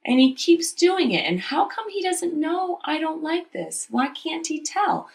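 A woman co-hosting a candid conversation, talking openly about her own experiences in a lively, storytelling way. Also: high voice, measured pace, creaky. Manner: open, confessional, animated storytelling. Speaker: podcast co-host. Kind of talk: candid casual chat.

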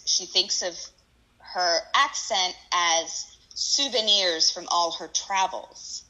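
A woman co-hosting a casual chat, animated and acting out quotes in voices. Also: on the low side, slow, poor audio. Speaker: podcast co-host. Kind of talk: casual chat about a reality show.

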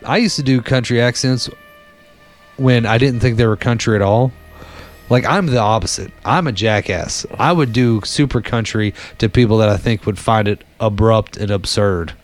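A man's voice: on the low side, moderate pace, faint music behind. Rambling young man telling stories. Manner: rambling, filler-heavy, irreverent. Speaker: podcast co-host. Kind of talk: casual storytelling chat.

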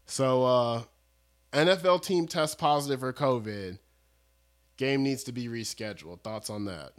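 On a casual chat podcast, this young male co-host speaks at a medium pitch and a slightly slow pace. He wanders from point to point, cracks jokes, and often restarts what he's saying.

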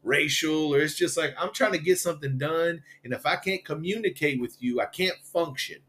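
A man's voice: on the high side, normal speed, a bit bright. A man hosting a podcast, telling rambling, profane stories in casual chat. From Louisville, Kentucky. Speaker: podcast host.

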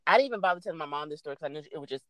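A young adult woman casually telling a story, animated and swearing freely as she acts out what people said. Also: low voice, racing, no echo.

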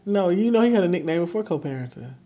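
A woman co-hosting a casual chat, playful and quick to laugh, with a drawn-out delivery. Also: fairly low pitch, lively intonation, dark tone, dull audio. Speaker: co-host.

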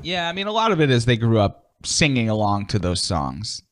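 Male podcast co-host, relaxed and easygoing, mid-pitched voice with lively swings. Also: fairly quick, a little hiss or hum. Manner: easygoing, laughs along. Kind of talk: casual chat.

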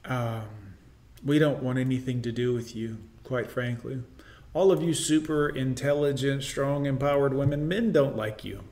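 A man's voice: mid-range voice, normal speed, a little mellow. A man giving blunt, opinionated reaction commentary in a lecturing tone.

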